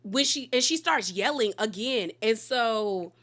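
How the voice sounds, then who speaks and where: A bright-voiced woman giving a casual, gossipy recap of a reality show. She talks in a chatty, animated way and slips into quick impressions of the people she describes. Her voice has a clear, bright edge. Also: on the high side. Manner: chatty, animated retelling with quoted voices and laughs; uses "girl" and "okay?" asides.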